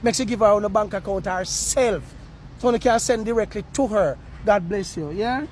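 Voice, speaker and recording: Jamaican man, high-pitched street reporter, pleading appeal outdoors on campus with faint traffic behind. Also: normal speed, darkish tone. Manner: earnest, pleading, slips into patois. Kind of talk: on-the-spot appeal to viewers.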